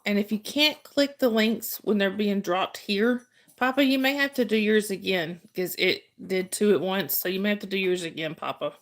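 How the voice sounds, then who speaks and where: On a casual livestream, a woman with a mid-range voice speaks at a moderate pace, chatting with viewers as she tells a story. Laughter comes often, and she frequently restarts her sentences.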